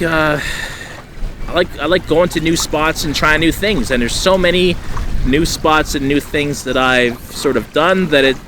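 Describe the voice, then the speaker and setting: A man from Canada telling a fishing story to camera by a lake shore, rambling with many fillers and getting loud and high-pitched when excited. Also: background noise. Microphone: camera mic.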